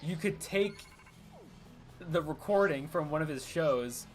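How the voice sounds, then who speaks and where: A man's voice: fairly high pitch, measured pace, soft background music. A young man casually chatting while streaming a game, rambling and full of fillers, laughing easily. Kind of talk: casual live gameplay commentary.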